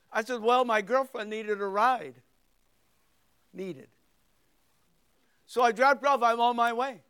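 A man in his sixties preaching a sermon, telling a folksy story and acting out the voices in it before rising into forceful preaching on scripture. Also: very high-pitched, unhurried, clear, resonant tone. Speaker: pastor.

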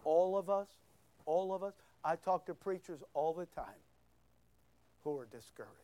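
Older male pastor, high clear voice, emphatic repeats, wide loud-to-soft swings. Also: animated, a little slow. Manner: swings from loud shouting to near-whispers. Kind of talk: sermon.

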